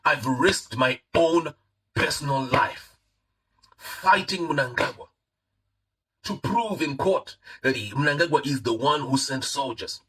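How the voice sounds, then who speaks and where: A man's voice: mid-range voice, slow pace, a bit bright, husky, rough recording. A man with a Zimbabwean accent giving heated live-stream political commentary, repeating his points and mixing in Shona phrases.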